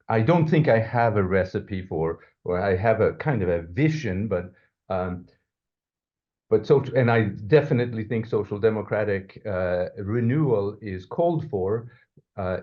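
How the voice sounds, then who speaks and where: A low-voiced male professor answers questions on a podcast, thinking aloud and hedging as he goes. He often restarts his sentences, and the recording sounds dull and lo-fi. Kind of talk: academic interview answer.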